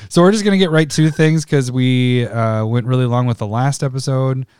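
A man's voice: mid-range voice, moderate pace, a little mellow, smooth. A man co-hosting a podcast in casual chat. He rambles, jokes at his own expense and laughs often, a couple of beers in. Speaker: podcast co-host.

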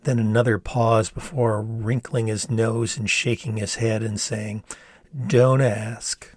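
An older man reading his own memoir aloud in a measured storytelling manner. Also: lowish voice, flat delivery, dry recording. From Ann Arbor, Michigan, USA. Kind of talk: audiobook narration.

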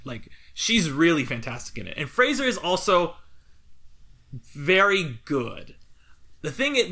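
Chatty male podcaster with a bright, slightly high voice; rambles and laughs. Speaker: podcast co-host. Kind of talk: casual podcast chat.

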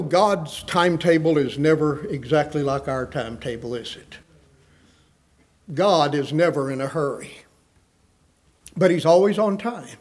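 A man's voice: on the high side, darkish tone. A male pastor preaching a sermon, rhythmic and building into pleading outbursts.

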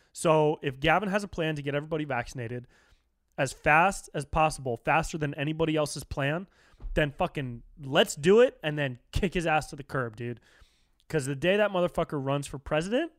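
A fairly high-voiced young man, hosting a podcast alone, delivers a loose, profane and animated comic rant heavy on slang, especially "dude" and "bro." The studio sound is clean with no room sound.

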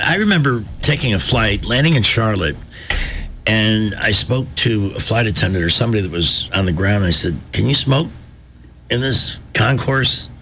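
A man's voice: fairly low pitch, bright, forceful tone, slight background noise. A man hosting a radio talk show in a wry, joking, conversational way. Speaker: fill-in radio talk host.

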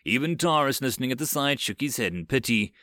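A man narrating a web novel audiobook with expressive storytelling. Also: medium pitch, quick pace, no echo, clean studio sound.

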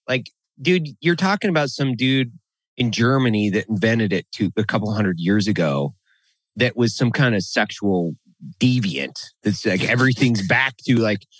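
A man with a lowish voice talks in a loose, opinionated way and swears freely. He gets lively when he rants, and the recording is dry and close. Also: normal speed, dry recording. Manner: blunt, profane, animated when ranting. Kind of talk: casual chat.

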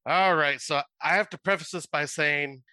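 A man, a podcast co-host, reading his own short story aloud in a steady, plain way. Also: on the high side, normal speed, no echo.

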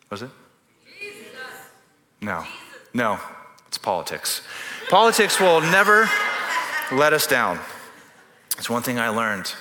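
A man delivers a sermon with a bright, forceful voice, mixing scripture reading with joking, conversational asides. His voice rings through a large church hall with long, echoing reverb. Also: mid-range voice, a little hiss or hum. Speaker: pastor.

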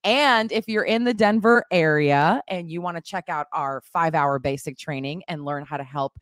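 A woman's voice: low-pitched, normal speed, dry recording, studio quality. Bubbly laughing woman show host. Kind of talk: casual morning show chat.

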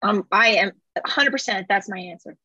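A woman hosting a casual interview, chatty and quick to tell a story. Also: mid-range voice, pushed and bright, slightly rough, no echo. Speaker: podcast host. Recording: dull muffled sound.

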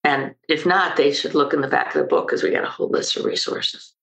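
An older woman speaks as a guest on a podcast interview. Her voice sits fairly low, and she explains things emphatically, bringing in lively stories. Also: fairly quick, creaky, rough recording. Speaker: maternal mental health expert guest.

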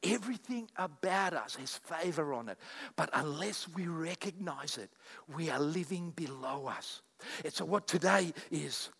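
A man preaching a sermon as pastor, animated and repetitive, telling stories to his church. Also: on the high side, creaky, husky, big-room sound. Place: church sanctuary.

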